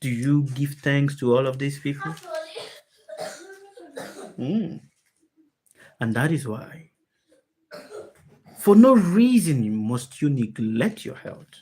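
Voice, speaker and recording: A woman's voice: a bass voice, expressive, slow, pauses often, warm tone, slight background noise. A woman giving a spiritual talk to an online group over a video call, emphatic, often asking her listeners questions and repeating key phrases. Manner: emphatic, asks the listeners many rhetorical questions. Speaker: spiritual teacher.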